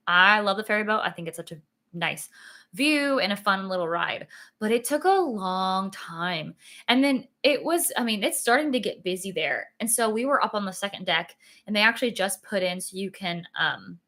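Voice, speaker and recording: A woman's voice: mid-range voice, sharp tone. A young woman vlogging in a rambling, chatty way, full of "like" and "um", sleepy and yawning. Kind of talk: casual sit-down vlog chat.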